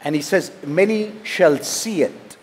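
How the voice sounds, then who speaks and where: A man's voice: a little high, lively intonation, unhurried, slightly rough. A man, a pastor from India, preaching a sermon, reading scripture and asking rhetorical questions. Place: church.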